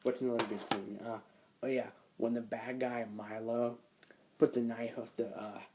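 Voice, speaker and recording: A man's voice: medium pitch, level tone, normal speed, noisy background. A young man casually reviewing a film, retelling scenes in a rambling way, full of fillers and "like.". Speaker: movie reviewer.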